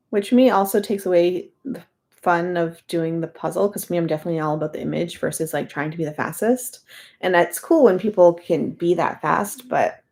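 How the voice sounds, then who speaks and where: A woman's voice: lowish voice, dark tone. A young adult woman chatting casually while she works on a jigsaw puzzle, amused, and now and then talking to the pieces. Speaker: puzzle video host.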